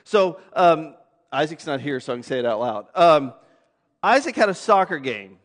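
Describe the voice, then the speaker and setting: Pastor, man, 30s, slightly high voice, chatty self-deprecating sermon, long church reverb. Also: very animated, normal speed. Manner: conversational, self-deprecating, repeats words when starting a thought. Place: church sanctuary.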